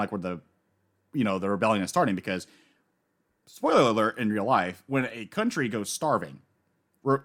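A man in casual chat, recapping a story with lively enthusiasm and acting out the characters he quotes. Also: on the low side. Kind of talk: casual manga discussion.

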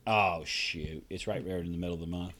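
A man's voice: low-pitched, fairly even intonation, brisk, fairly bright tone. A man co-hosting a podcast, chiming in with dry, wry remarks in casual chat. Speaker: podcast co-host.

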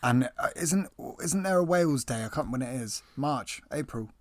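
A man co-hosting a casual podcast chat, playful and chatty, sometimes slowing down to think aloud. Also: medium pitch, animated, a crowd in the background. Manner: playful, chatty, slows to ponder. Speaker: podcast co-host.

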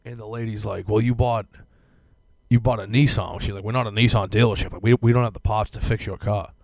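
A man's voice: on the low side, fairly even intonation, brisk, creaky, no echo. A young man on a casual podcast, ranting through a profane story with lots of fillers. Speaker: podcast co-host.

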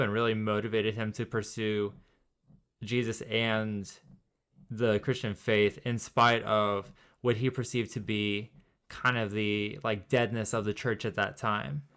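A man's voice: fairly low pitch, fairly bright tone, clear, resonant tone. A man co-hosting a faith and film podcast, reflecting at length in a thoughtful, rambling way. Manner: thoughtful, rambling, many fillers. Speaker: podcast co-host. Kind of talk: casual chat.

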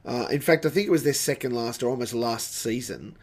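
Man, mid-pitched voice, relaxed chatty podcast co-host, casual anecdote. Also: a little fast, breathy edge. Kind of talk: casual chat, storytelling.

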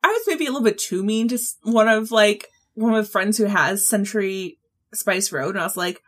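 A woman's voice: mid-range voice, a little fast. A woman chatting casually as a podcast co-host, gushing and giggly. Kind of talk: casual chat.

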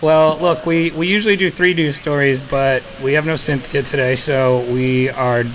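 A man's voice: on the high side, steady tone, normal speed, poor audio. Laid-back male podcast host. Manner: laid-back, laughs often, many fillers. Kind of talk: casual podcast chat.

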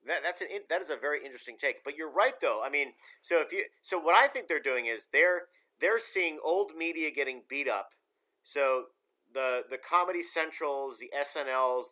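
A man's voice: medium pitch, animated, normal speed, sharp tone. A man hosting a casual talk show, giving emphatic, rambling opinions.

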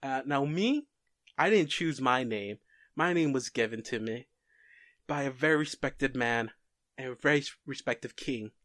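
A man's voice: medium pitch, a little slow, a bit bright, dry recording, clean studio sound, natural voice. A man voicing a cocky, smug masked male warrior who talks in a breezy, mock-polite way.

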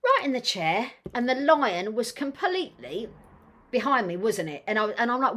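A middle-aged woman co-hosting a podcast, talking in a blunt, excitable way and swearing freely in casual chat. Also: a little high, normal speed. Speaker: podcast co-host.

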